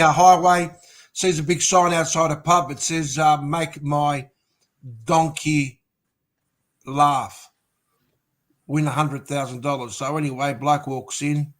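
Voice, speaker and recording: An Australian man on a footy talk panel, telling a long pub joke with fillers and pauses. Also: fairly high pitch, fairly bright tone. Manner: yarn-spinning storyteller, hesitant fillers. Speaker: panel regular.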